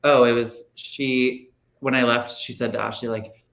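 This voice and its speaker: A man guest telling gossip stories in a casual chat, animated and mimicking other people mid-sentence. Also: medium pitch, measured pace, vocal fry, a little hiss or hum. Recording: roomy echo.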